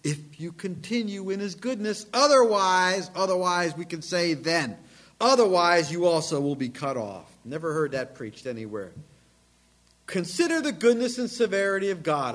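Emphatic high-voiced male preacher. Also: expressive, normal speed, a bit bright. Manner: emphatic, dramatic swings in volume and pitch. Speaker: pastor. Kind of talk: sermon. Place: church.

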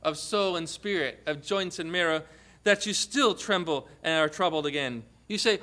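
A man preaching a sermon earnestly, quoting scripture and voicing the Lord's words in a lower, softer tone. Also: normal speed.

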